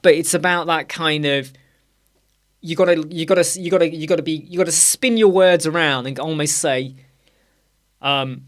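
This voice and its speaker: A man's voice: a little high, fairly even intonation, moderate pace. A young man hosting a live web design Q&A stream, talking casually with energy and repeating key phrases for emphasis.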